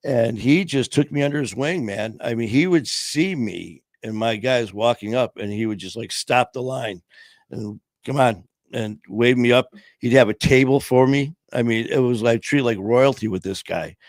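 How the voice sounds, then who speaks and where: With a medium-pitched voice at normal speed, a sixties-aged man from Michigan hosts a podcast and rambles through profane stories heavy on "man" and "you know." The casual storytelling interview sounds studio-quality without echo, picked up by a streaming podcast mic.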